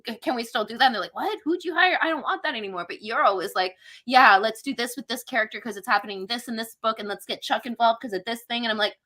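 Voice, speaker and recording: A woman's voice: fairly high pitch, fast, hardly any pauses. A woman guest in casual podcast chat, swearing freely and acting out quoted people as she talks. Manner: profane, animated, acts out quoted people. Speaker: guest filmmaker.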